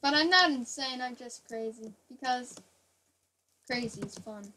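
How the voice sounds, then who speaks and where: A woman playing Minecraft with a friend, cracking dry, deadpan jokes and rambling asides. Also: on the high side, measured pace, background noise. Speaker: Minecraft player. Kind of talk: joking gameplay chatter.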